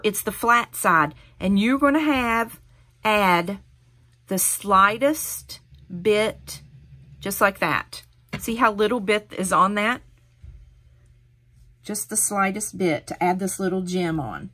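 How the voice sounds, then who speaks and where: A woman's voice: mid-range voice, bright, forceful tone. A middle-aged woman hosting a hands-on craft tutorial, talking viewers through each step in a chatty, encouraging way.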